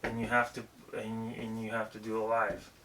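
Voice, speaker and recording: A young man giving a casual, profane, rambling lesson on vocal technique, breaking into loud demonstrations. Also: lowish voice, monotone, moderate pace. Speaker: vocal coach.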